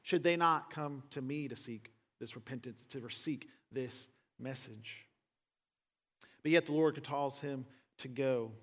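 Man preaching in a reverberant hall. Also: fairly high pitch. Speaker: pastor. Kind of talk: sermon.

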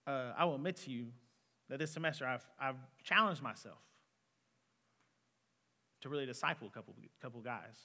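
Young male pastor, bright voice. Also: mid-range voice, moderate pace, long pauses. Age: 20s. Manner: earnest, conversational preaching. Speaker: student pastor. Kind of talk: sermon. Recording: long reverb of a hall.

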